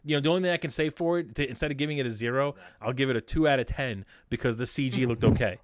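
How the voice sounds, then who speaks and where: A man's voice: medium pitch, rapid-fire, no echo. A man co-hosting a casual podcast, ranting in a heated, exasperated way. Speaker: podcast co-host.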